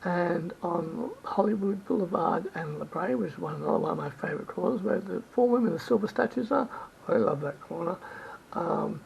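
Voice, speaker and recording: A man with a high, heavily gravelly voice rambles through travel tips, circling back and restarting his sentences. The recording is dull and lo-fi, with a faint rumble underneath. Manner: rambling, repeats himself, self-corrects. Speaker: travel vlogger. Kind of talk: rambling travel advice monologue.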